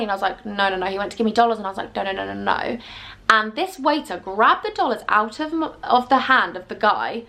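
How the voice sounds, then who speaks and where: Brief: a woman in her twenties, chatty storytime vlogger, slightly high voice. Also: pushed and bright. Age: 20s. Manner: chatty, rambling with many asides. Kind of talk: storytime vlog.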